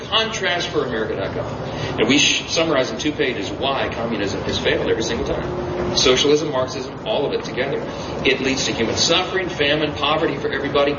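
A man delivering an emphatic campaign stump speech at an event, throwing rhetorical questions to the crowd. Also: medium pitch. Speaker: politician speaking at a campaign event. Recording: roomy, distant, muffled event audio with noise.

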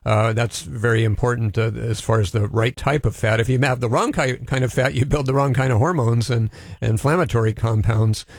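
A man hosting an interview show, halting and casual, with many restarts. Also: medium pitch, steady tone, no echo, clean studio sound. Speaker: radio show host.

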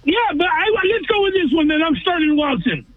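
Guy calling in to sports radio, really high voice, tinny phone sound, blunt and ranty. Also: sing-song, brisk, a crowd in the background. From Southern California. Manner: blunt, emphatic ranting. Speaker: regular caller. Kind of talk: call-in sports talk radio. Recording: tinny phone line, dry.

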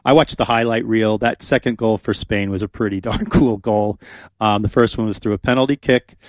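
A man's voice: on the low side, steady tone, fairly quick, dry recording, clean studio sound. A man hosting a radio talk show, talking casually and chattily with frequent fillers. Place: radio studio. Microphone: studio microphone.

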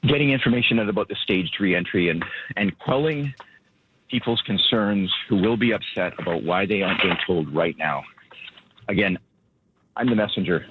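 A man speaking as a local government spokesperson, out of breath and earnest, rambling with halting restarts. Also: low-pitched, background noise. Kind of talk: phone interview. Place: outdoors at his vehicle. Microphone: phone. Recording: tinny phone line.

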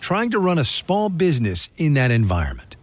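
A middle-aged man hosting a radio business news show, reporting and interviewing with lively, joking asides. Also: on the high side, fairly quick.

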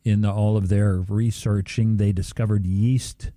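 A man co-hosting a casual radio chat with a mellow, lowish voice and a wry streak. The sound is dry and close, with no room around it. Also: level tone, measured pace, dry recording. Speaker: radio co-host.

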